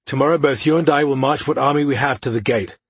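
A man's voice: medium pitch, quick pace, breathy edge, no room sound, close to an everyday voice. Aladir, a cold old elf commander, as a male narrator voices him. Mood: commanding. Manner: curt, commanding and contemptuous.

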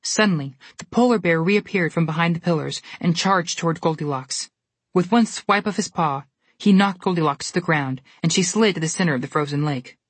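A woman narrates a storybook with a steady, expressive delivery in a low, husky voice. The recording is dry and close. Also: fairly quick, no echo.

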